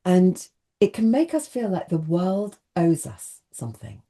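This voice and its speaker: Woman, self-help speaker, talks straight to camera, lively pitch. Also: a little slow. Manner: earnest, addresses the viewer directly with questions. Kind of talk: motivational talk to camera.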